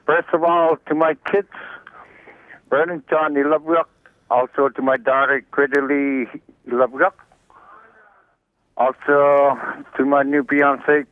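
A man from Alaska calling a radio show to send greetings, slowly listing names with halting fillers. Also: on the high side, level tone, no room sound. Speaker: caller. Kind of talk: call-in greetings. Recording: tinny phone line.

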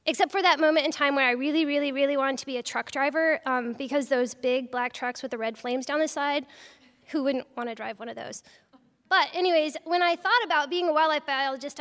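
A woman wildlife biologist telling a personal story live, in a humorous, self-mocking and animated way. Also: high-pitched, big-room sound.

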